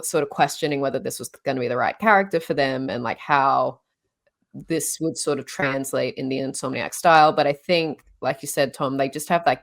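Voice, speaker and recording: A woman's voice: low voice, gravelly. An Australian woman co-hosting a gaming podcast, chatting casually and enthusiastically with many fillers. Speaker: podcast co-host. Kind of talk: casual chat.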